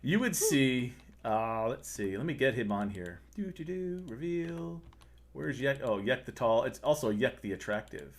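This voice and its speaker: A man running a tabletop game as game master, his speech mid-pitched and loose with fillers. He describes scenes as he goes and breaks into laughter often. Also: very animated, a little slow.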